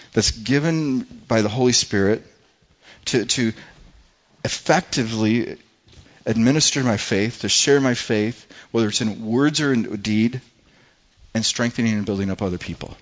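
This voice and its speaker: A man's voice: lowish voice, moderate pace, lo-fi sound. A man preaching a sermon as pastor in a church, earnest and often repeating his words as he restarts. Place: church hall with congregation.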